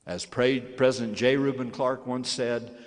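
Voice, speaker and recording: A man's voice: medium pitch, fairly even intonation, measured pace. A man giving a sermon to young church members, earnest and solemn, swelling in force on key phrases. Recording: long hall reverb.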